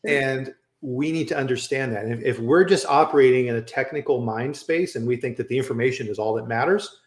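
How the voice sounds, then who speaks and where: A man's voice: mid-range voice, brisk. Talkative man on an echoey video call. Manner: animated storyteller, repeats "right?". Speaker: host. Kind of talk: casual live-stream chat. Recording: roomy echo.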